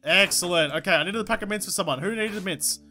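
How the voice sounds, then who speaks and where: A woman giving excitable, swear-filled let's-play commentary, talking to herself and the game. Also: fairly low pitch, fast talker. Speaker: gaming YouTuber. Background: game music.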